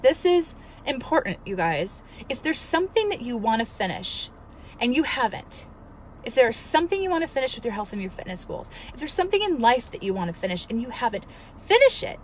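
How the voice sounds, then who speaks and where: A woman in her thirties, a fitness coach, telling a story in an earnest, emotional, animated way and giving motivational advice. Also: on the high side, a little hiss or hum. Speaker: fitness coach and studio owner. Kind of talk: casual motivational vlog.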